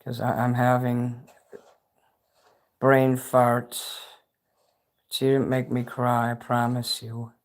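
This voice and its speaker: A man's voice: medium pitch, completely flat delivery, slow pace, pauses often. Rambling, swearing man livestreaming. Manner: rambling and profane, talks straight to chat. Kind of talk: casual livestream chat with viewers. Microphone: phone.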